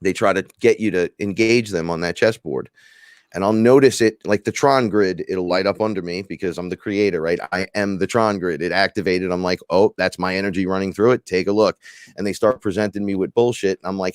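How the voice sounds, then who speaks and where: A man hosting a casual spiritual podcast chat, animated and profane, acting out imagined back-and-forth dialogue. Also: low voice, a little fast, clean tone, no echo, clean studio sound. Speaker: podcast host.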